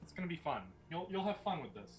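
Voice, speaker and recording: A man's voice: on the high side, big pitch swings, quick pace. A man running a tabletop game as game master, narrating with playful teasing.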